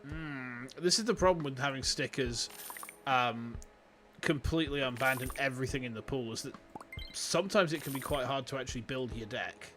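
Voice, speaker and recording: A man with a Yorkshire accent, chatting casually and excitably while livestreaming a game, swearing freely and greeting his chat. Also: mid-range voice, normal speed, faint music behind. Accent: Yorkshire English. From Yorkshire, England. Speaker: streamer. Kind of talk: casual gaming livestream commentary. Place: warm room at home with fans running.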